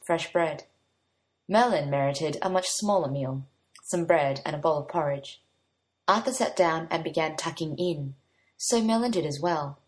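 Woman calmly reading a fantasy story. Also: fairly low pitch. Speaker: narrator. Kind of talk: audiobook-style story reading.

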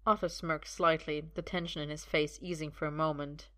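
A woman narrating a story aloud in a steady, expressive way. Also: low voice, moderate pace, few pauses. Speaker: reader. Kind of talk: audiobook narration.

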